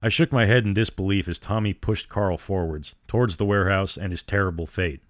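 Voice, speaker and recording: A man reads a horror story aloud in a steady, grim tone. His voice sits very low, and the recording is dry and close, with no room sound. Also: a little fast, no room sound. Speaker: narrator. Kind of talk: scripted horror story narration.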